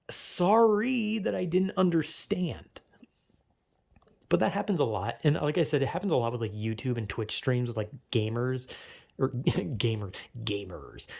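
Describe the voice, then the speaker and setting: Young man, raised voice, gravelly, swearing, exasperated rant. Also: on the high side, a little mellow. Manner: profane, exasperated, acts out quoted people. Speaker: vlogger. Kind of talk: casual rant.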